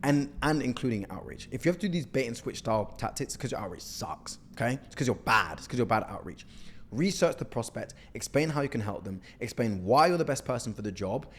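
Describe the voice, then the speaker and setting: A man's voice: mid-range voice, fast talker, hardly any pauses, slight background noise. A young man coaching on cold outreach, blunt and mocking as he critiques messages, often tagging "okay?" onto his points. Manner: blunt, animated, mocking, says "okay?" a lot. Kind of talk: casual critique to camera.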